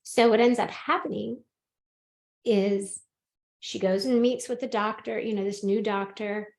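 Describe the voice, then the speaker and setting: A woman hosting a podcast, telling a personal story in casual chat, animated and laughing often as she acts out what people said. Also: medium pitch, a little slow, vocal fry, echoey room. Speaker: podcast host and medium.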